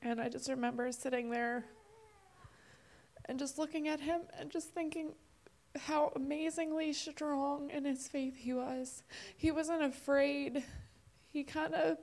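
A woman giving a personal testimony at a church service, emotional and halting, close to tears. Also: sits high, fairly even intonation, darkish tone.

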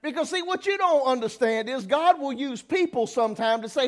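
A man's voice: extremely high pitch, animated, a little fast. A man preaching a sermon, folksy and teasing, acting out little voices as he goes. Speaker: pastor.

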